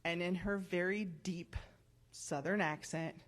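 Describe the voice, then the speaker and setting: A woman in her forties giving a personal testimony at church, telling her story in a chatty, animated way. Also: on the low side, unhurried.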